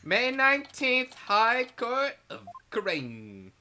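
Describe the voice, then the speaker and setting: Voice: mid-range voice, wildly swooping pitch, slow, sharp tone, a little hiss or hum, pitched above the performer's own voice, full character voice. A player voicing a level-headed young female assistant lawyer in a fan dub of a game, dry and matter-of-fact. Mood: brisk. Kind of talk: fan voice acting over a game.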